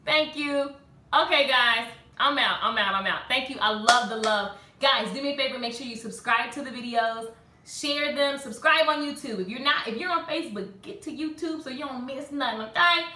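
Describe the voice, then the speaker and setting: A woman's voice: high-pitched, normal speed, sharp tone, roomy sound. A woman hosting a live stream, chatting with viewers and hyping them up. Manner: hyped, sings motivational chant, talks to commenters. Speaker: live-stream host and salon business coach.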